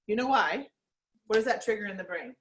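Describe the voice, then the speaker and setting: A woman's voice: mid-range voice, expressive, a little fast, poor audio. A woman leading a sales team meeting, chatty, laughing often and acting out little quotes. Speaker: team leader. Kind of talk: team meeting pep talk.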